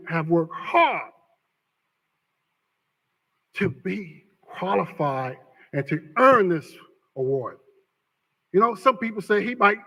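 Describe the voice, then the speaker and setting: A man speaking as an attorney during public comment at a city council meeting, arguing forcefully and repeating his points for emphasis. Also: high-pitched, slightly rough. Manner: forceful, emphatic argument with repetition. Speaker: attorney for a bidder. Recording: council chamber with long reverb.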